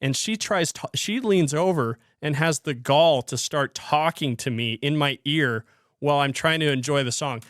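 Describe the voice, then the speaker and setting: A man's voice: a little high, normal speed, a bit bright, no room sound, clean studio sound. A man hosting a casual solo hockey podcast, rambling with frequent restarts and fillers. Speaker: podcast host.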